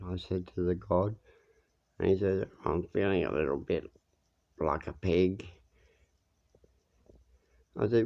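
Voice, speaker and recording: A man's voice: low voice, a little slow, vocal fry, long pauses, lo-fi sound. A man telling meandering, jokey stories in a rambling monologue, drifting from one tale to the next. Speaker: monologue speaker. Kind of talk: rambling storytelling.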